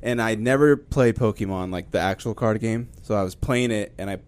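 A man hosting a podcast in a casual chat, joking and animated. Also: on the low side, clean tone. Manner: animated, joking, quick to laugh. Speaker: podcast host.

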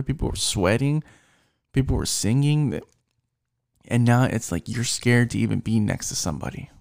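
A man's voice: mid-range voice, darkish tone, no echo, studio quality. A young man venting in a casual, profane rant about his job, rambling and frustrated, restarting his sentences as he goes. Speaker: vlogger venting about work.

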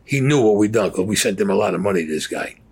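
A rough, husky older man with a somewhat low voice, telling a long story. He is blunt and profane, cursing in nearly every line and acting out what others said. The delivery is casual storytelling. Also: lively intonation, fast talker, darkish tone. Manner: blunt, swears constantly, acts out quotes. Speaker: interviewee.

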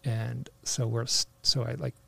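A man telling a personal story in a casual, halting way, full of restarts, animating the voices he quotes. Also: mid-range voice, vocal fry, breathy edge, no echo. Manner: animated, acts out quoted lines.

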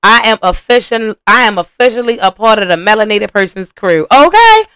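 In a clean, echo-free recording, a young adult woman delivers quick, mid-range commentary as a podcast host reacting to a reality show. She's animated and profane and chats with her viewers as "y'all."

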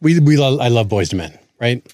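A man's voice: medium pitch, lively intonation, fairly quick, darkish tone, dry recording, clean studio sound. A man co-hosting a casual podcast as a father, joking around and wandering off on tangents. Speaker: podcast co-host. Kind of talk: casual chat.

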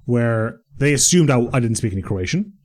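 A man co-hosting a podcast, making dry quips and telling animated anecdotes in casual chat. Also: mid-range voice, brisk. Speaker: podcast co-host.

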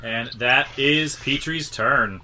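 A man running a tabletop game as game master, giving quick, encouraging rulings. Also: mid-range voice, pushed and bright, a little hiss or hum.

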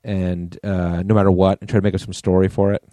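A man's voice: deep voice, quick pace, no echo. A man co-hosting a podcast in casual, profane, joking chat. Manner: profane, animated storytelling. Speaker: podcast co-host.

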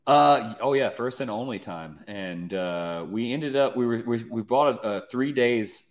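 A man of middle pitch who talks as a podcast guest. He tells brash, joking stories and swears freely as he goes. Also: measured pace. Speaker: guest, mountain bike video creator. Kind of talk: casual chat.

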